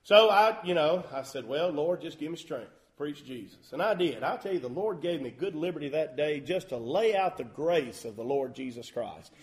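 A man preaching a sermon as a pastor, folksy and emphatic with loud bursts. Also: fairly high pitch, animated, moderate pace, hardly any pauses. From Southern US.

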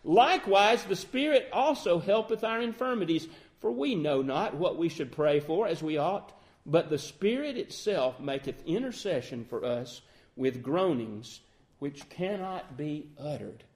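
High-voiced man preaching a sermon. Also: animated. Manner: earnest, rising to emphatic peaks then quieting to soft reflection; quotes King James scripture in measured cadence.

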